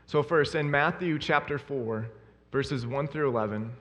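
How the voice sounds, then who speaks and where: A man's voice: medium pitch, measured pace, a bit bright. A man preaching a sermon in an earnest, emphatic way, repeating his key phrases. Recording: long hall reverb.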